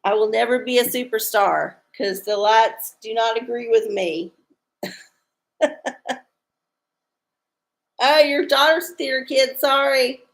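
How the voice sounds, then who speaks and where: A woman's voice: on the high side, slow, creaky, long pauses. A woman hosting a tarot livestream, chatting casually with viewers in an irreverent, rambling way and joking crudely. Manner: irreverent, rambling, crude jokes, chuckles often. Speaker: tarot-reading livestream host.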